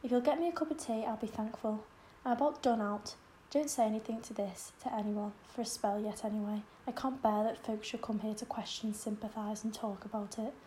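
A woman's voice: fairly high pitch, fairly even intonation, fairly quick, hardly any pauses, mellow, slight background noise, natural voice. A woman reading an audiobook, voicing a stern, weary elderly spinster who speaks in a clipped, tired, bitter way. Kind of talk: audiobook character voice.

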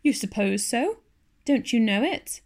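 Stern older spinster, curt and scolding, gravelly under a mellow tone, read by a woman. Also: on the high side, big pitch swings, measured pace.

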